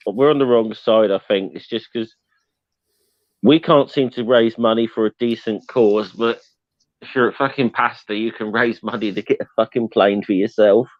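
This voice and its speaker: A man's voice: medium pitch, no room sound. Male guest, stop-start, salty language, muffled dry recording. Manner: stammering restarts, blunt, swears. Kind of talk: casual stream chat. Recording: dull dry lo-fi mic.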